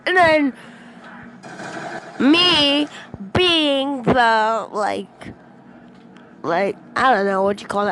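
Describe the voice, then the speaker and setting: Speaking into a headset mic, a young female gaming vlogger tells a rambling story in a casual, excitable way, shouting whenever she quotes someone. Her voice is a little high and her pace slow, with frequent pauses and a bit of hiss or hum in the background.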